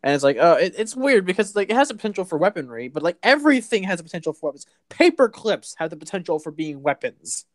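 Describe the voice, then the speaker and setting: A man in a relaxed chat, walking a friend through a comic storyline with plenty of fillers and restarts. He stumbles and backtracks as he goes. The recording is dry and close, with no room sound. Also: high voice, no echo. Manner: rambling, halting, with restarts and fillers. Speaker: host. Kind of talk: casual comic book recap chat.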